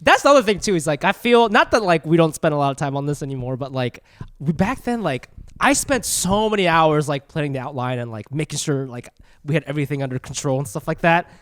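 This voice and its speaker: A young man co-hosting a podcast in casual chat, laughing a lot and jumping in with quick excited remarks. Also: fairly high pitch, dry recording, studio quality. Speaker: podcast co-host.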